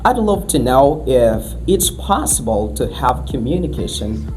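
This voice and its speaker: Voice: medium pitch, sing-song, unhurried, darkish tone, a little hiss or hum. A guest teacher asking polite questions on a podcast, with brief acknowledgements.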